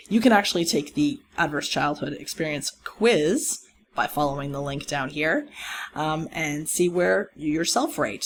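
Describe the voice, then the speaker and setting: A lecturer giving a recorded course lecture, explaining clearly, speaking directly to students and stressing key words as they rephrase points. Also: medium pitch, fairly bright tone, a little hiss or hum.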